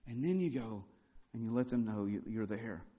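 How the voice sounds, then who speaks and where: A male pastor preaching a sermon, swinging between loud and hushed lines and building on repeated phrases. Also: medium pitch, expressive, moderate pace.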